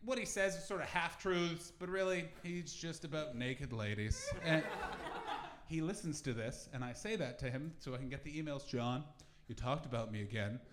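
A Canadian man performing a stand-up comedy set in a club, animated and slipping into mocking character voices. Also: on the high side, moderate pace. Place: comedy club with a live audience. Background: audience laughter.

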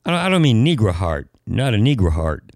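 A man hosting a podcast in a rambling monologue, with a heavy stutter that repeats syllables, and at times rising to a loud urgent plea. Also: lowish voice, big pitch swings, brisk, dry recording, clean studio sound. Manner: rises to loud urgent pleading. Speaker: podcast host.

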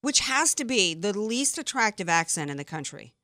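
A woman from the American Deep South, hosting a talk radio show with emphatic, opinionated chatter. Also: sing-song, pushed and bright, no room sound, clean studio sound. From Deep South of the United States. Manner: emphatic, opinionated, quick asides.

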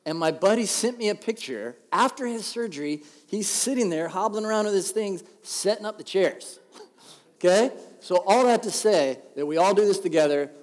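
Animated man preaching in a reverberant hall. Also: sits high, normal speed. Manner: conversational, joking, animated. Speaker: pastor. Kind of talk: sermon.

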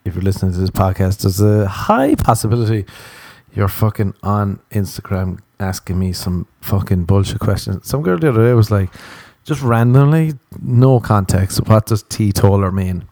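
A man's voice: lowish voice, animated, normal speed, creaky, warm tone, no echo. A man hosting a comedy podcast, ranting in a profane, sarcastic monologue into a close mic. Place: Los Angeles home recording.

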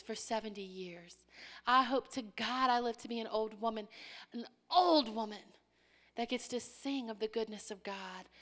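Female preacher, bright and a touch high, dramatic sermon delivery with acted asides and whispers. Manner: dramatic, acts out prayers and child voices, drops to whispers.

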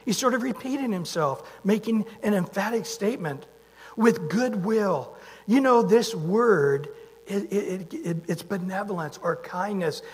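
A man's voice: high-pitched, animated, moderate pace, breathy edge. A man preaching a sermon in a conversational way, asking his listeners rhetorical questions. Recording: long hall reverb.

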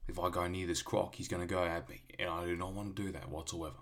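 A man with an Australian accent doing an impression of an excitable Australian wildlife presenter, in a deep voice. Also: quick pace. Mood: excited.

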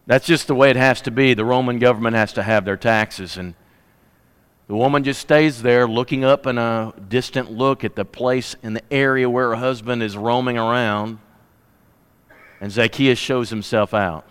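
Preacher telling a story in a hall. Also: male voice, mid-range voice, steady tone, moderate pace, a bit bright, clear, resonant tone. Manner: vivid, conversational storytelling. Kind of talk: dramatic sermon storytelling.

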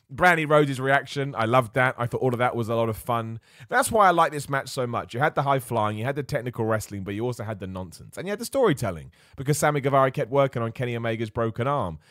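Excitable man, dry close sound. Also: medium pitch, fairly quick, no room sound. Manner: enthusiastic, rambling, frequent restarts. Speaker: wrestling show host. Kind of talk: casual opinion commentary.

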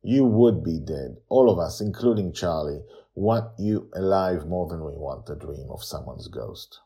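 A man voicing a protective, caring father in an audio story, with a low voice and lively intonation. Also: a little slow, creaky, full character voice. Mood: reassuring. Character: protective worried father in his prime.

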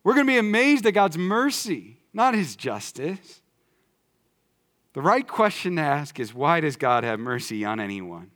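A male pastor giving a sermon in a church, talking in a conversational way that swings from quiet, low emphasis to loud excitement. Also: unhurried. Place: church sanctuary.

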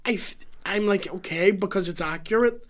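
A man's voice: high-pitched, normal speed. A young man with a Northern Irish accent, a podcast guest who argues bluntly and swears freely. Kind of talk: casual banter.

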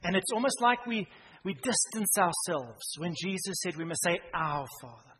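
A man preaching a sermon in church, swinging from loud emphasis down to a hushed near-whisper. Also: high voice, expressive, moderate pace. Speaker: pastor. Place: church hall. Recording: reverberant church hall, faint noise.

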